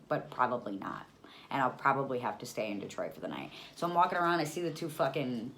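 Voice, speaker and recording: A young woman from the Buffalo area with a low voice tells a storytime in casual, profane bursts that flare into loud outbursts. There is faint ambient noise behind her. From Buffalo area, New York. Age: young adult. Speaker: vlogger telling a story.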